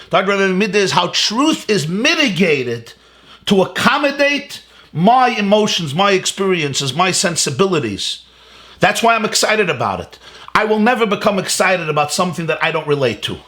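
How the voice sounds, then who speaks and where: A man rabbi giving a Torah lecture, emphatic and animated, asking rhetorical questions and repeating key words, mixing Hebrew and Yiddish terms into his English. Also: high-pitched, moderate pace. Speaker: rabbi teaching a class.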